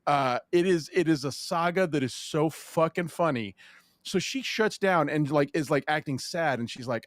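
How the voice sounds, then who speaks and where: A man's voice: fairly high pitch, moderate pace, dry recording, studio quality. A man hosting a podcast, retelling a story in casual, profane chat. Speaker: podcast host.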